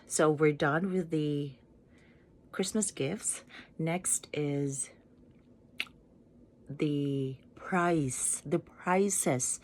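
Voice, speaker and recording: A woman's voice: deep voice, slight background noise. A Filipino woman vlogger chatting casually as she unboxes gifts at home, giggling and playful. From Philippines. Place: home in Japan.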